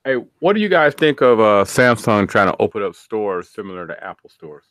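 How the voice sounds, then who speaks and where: Man, low smooth voice, dry close sound, hesitant tech-chat panelist. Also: big pitch swings, brisk, fairly bright tone, no echo. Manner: hesitant, searching for words.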